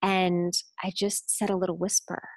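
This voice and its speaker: A woman in her late thirties, a guest telling a personal story with lively energy and acting out other people's voices. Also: fairly low pitch, moderate pace, no room sound. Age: late 30s.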